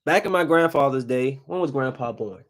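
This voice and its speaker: A man hosting a podcast, delivering a comedic monologue that swings between loud outbursts and low, muttered asides. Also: normal speed. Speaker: podcast host.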